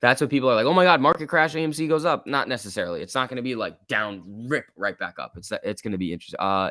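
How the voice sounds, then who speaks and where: A man's voice: on the low side, bright, forceful tone, dry recording, studio quality. A man hosting a casual stock-market livestream, reading viewer comments and ranting bluntly with frequent filler words.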